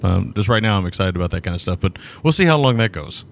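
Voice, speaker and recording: A male podcast co-host with a low, gravelly voice. He chats casually, laughs easily and drops short quips between voicemails. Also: lively intonation, fast.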